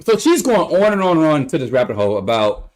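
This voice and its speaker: A man's voice: on the high side, sing-song, fast talker. A young man telling a rambling, profane story on a casual livestream, often exasperated.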